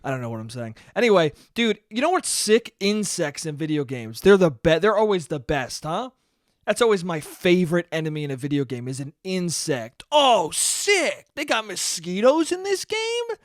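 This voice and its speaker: A man's voice: on the high side, animated, brisk, no room sound, clean studio sound. Profane rambling young man on a solo podcast. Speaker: podcast host. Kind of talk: solo casual podcast rant.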